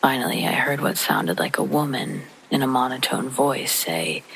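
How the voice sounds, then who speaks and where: Soft whispery bedtime horror narrator, gravelly and bright, light rain in the back. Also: medium pitch, lively intonation, moderate pace, hardly any pauses, a little hiss or hum, low-quality recording. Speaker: narrator of scary stories. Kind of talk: hushed sleep-story narration. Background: faint rain.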